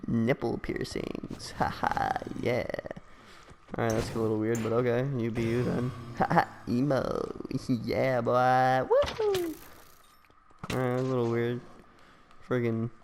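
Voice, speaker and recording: A man's voice: medium pitch, level tone, unhurried, vocal fry, darkish tone, in a large hall, a little hiss or hum. A young man hosting a gaming session, teasing a friend with crude jokes and frequent laughter. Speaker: gaming channel host. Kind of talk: casual gaming banter.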